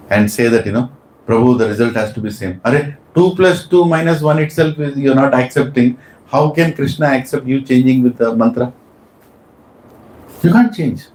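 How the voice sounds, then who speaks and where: A spiritual teacher, a man with a medium-pitched, slightly mellow voice, instructs a class of devotees, quizzing them and emphasizing his points. The room is echoey, with a bit of background noise.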